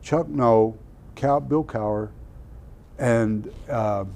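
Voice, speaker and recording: This older ex-football player from Oklahoma speaks very slowly in a creaky, medium-pitched voice while telling animated stories in an interview. He laughs at himself, and slight background noise is present.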